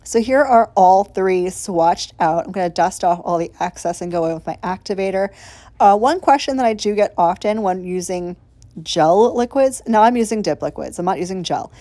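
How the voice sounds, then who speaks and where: Medium in pitch and mellow, this woman's voice moves at a moderate pace in a dry recording. A nail vlogger, she explains each step of her tutorial in a separately recorded voiceover that's chatty and casual, with plenty of gushing and light swearing.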